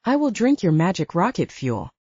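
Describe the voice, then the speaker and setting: A tired young hero with a warm, mellow tone and lively swings in pitch, as a woman narrator puts him on. He speaks easygoing lines in a dry, slightly dull audiobook recording. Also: moderate pace, husky, no echo. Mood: resigned. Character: young American man, tired hero on a quest.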